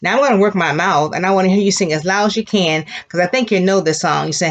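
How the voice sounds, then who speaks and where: A woman teaching a recorded Spanish lesson to young children, leading slow repeat-after-me drills and giving sing-song praise. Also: lowish voice, lo-fi sound. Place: school classroom.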